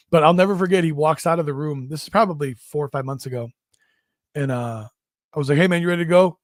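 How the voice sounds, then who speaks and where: This comedy podcast co-host, a middle-aged man, talks fast in a slightly high voice, rambling profanely through crude tales of raising kids and doing mocking impressions. The sound is clean studio audio with no echo.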